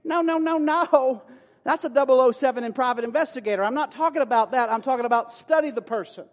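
High-voiced preacher in a reverberant church. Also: male voice, fast. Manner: folksy, playful preaching with rising emphatic bursts. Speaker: pastor. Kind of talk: sermon. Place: church sanctuary. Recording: long hall reverb.

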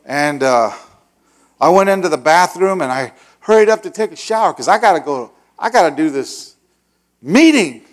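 A middle-aged male pastor telling a long story in a sermon, acting out the voices and shouting the dramatic parts. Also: on the high side, normal speed. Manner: animated, acts out voices with loud shouts.

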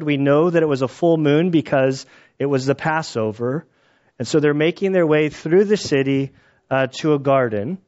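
A man's voice: a little high, a little mellow, lo-fi sound. Conversational man teaching scripture. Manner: conversational, acts out quotes with laughs. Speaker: Bible teacher. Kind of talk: casual Bible teaching.

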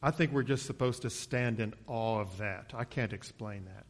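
A man preaching an expository sermon in a conversational way, acting out the quoted lines in a lifted voice. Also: moderate pace. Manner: conversational, acts out quotes with raised pitch.

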